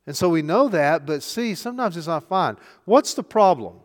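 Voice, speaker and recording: A man's voice: on the high side, lively intonation, normal speed. An older man, a pastor, preaching a chatty sermon full of rhetorical questions. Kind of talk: conversational sermon. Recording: long hall reverb.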